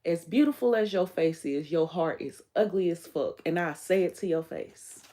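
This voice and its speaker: A woman's voice: lowish voice, animated, moderate pace, dark tone. A woman hosting her own livestream, talking bluntly and emphatically in a candid, profane monologue, often quoting what she told others. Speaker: livestream host.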